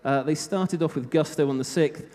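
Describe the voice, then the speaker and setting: A man's voice: fairly high pitch, normal speed, darkish tone. A British man giving a live technical talk at a conference, chatty with self-mocking humor. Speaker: conference speaker. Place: conference hall. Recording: reverberant hall.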